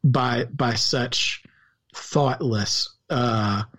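A man with a Southern US accent, co-hosting a podcast and discussing a film in an earnest, halting way with many restarts. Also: mid-range voice, a bit bright. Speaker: podcast co-host.

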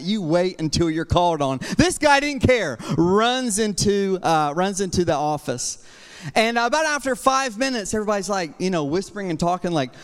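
A young man with a high, smooth and resonant voice preaches with passion in a church. He talks in a loose, conversational way, full of restarts and fillers. His voice rings out with a long hall reverb behind it. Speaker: pastor. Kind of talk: sermon. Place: church sanctuary.

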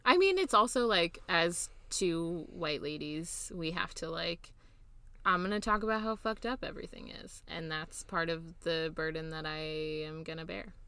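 A young woman co-hosting a podcast in casual chat, quick and sardonic, swearing freely. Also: fairly low pitch, pushed and bright, no echo. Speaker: podcast co-host.

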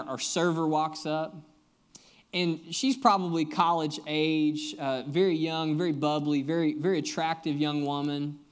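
A young man preaching a sermon, his voice sitting a little higher than most men's. He talks to the congregation like friends, joking and telling stories as he teaches. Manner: storytelling, joking, conversational preaching. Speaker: guest pastor.

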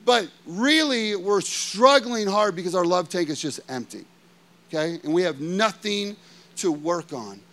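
A man in his thirties preaching a sermon in a lively, conversational way, often checking in with the congregation. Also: high-pitched, a little slow. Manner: animated and conversational, keeps asking the congregation "okay?". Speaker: pastor.

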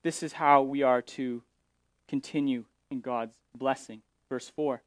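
A man's voice: medium pitch, steady tone, unhurried, no room sound. A male pastor explaining scripture in a sermon, paraphrasing verses and often restarting his sentences.

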